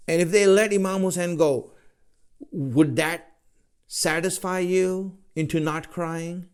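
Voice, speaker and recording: A man delivers a religious lecture in a slightly high voice. He speaks slowly and emphatically. He keeps pressing his listeners with rhetorical questions. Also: clear, resonant tone. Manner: rhetorical questions, role-plays the listener's replies.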